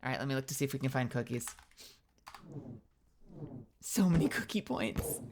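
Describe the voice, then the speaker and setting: A woman's voice: extremely low pitch, animated, normal speed, darkish tone, a little hiss or hum. A woman streamer chatting casually late at night, loose and jokey with a lot of swearing.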